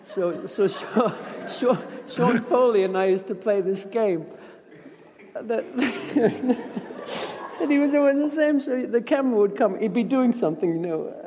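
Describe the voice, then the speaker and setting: A man's voice: extremely high pitch, expressive, unhurried, a little mellow, in a large hall. A middle-aged actor speaking casually in an interview, reflective and rambling, often restarting his sentences.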